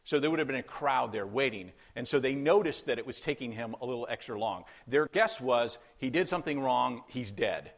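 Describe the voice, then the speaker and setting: A man's voice: medium pitch, expressive, a little fast, hardly any pauses. Male pastor, conversational sermon delivery, rhetorical questions, dramatized quotes.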